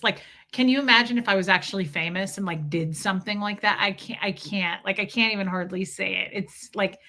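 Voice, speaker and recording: A woman hosting a livestream, telling stories in an animated way with frequent laughs and reading out comments from the chat. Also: mid-range voice, fairly quick, hardly any pauses. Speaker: livestream host. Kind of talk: casual chat with a live audience.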